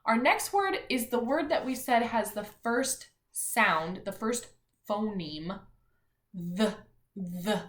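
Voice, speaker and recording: A woman teacher giving a phonics and spelling lesson to young children, talking clearly and encouragingly. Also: mid-range voice, slow. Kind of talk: early-grades phonics lesson. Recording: echoey room.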